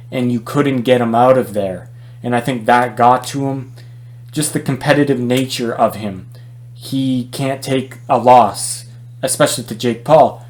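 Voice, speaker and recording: A man's voice: medium pitch, a little mellow. A man giving his opinions in a casual boxing commentary vlog, talking loosely with fillers and restarts.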